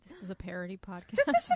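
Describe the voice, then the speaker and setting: A woman's voice: medium pitch, huge pitch swings, moderate pace, warm tone. A woman co-hosting a podcast in casual book-discussion chat, easygoing and agreeable, often saying "look" and "like". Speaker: podcast co-host.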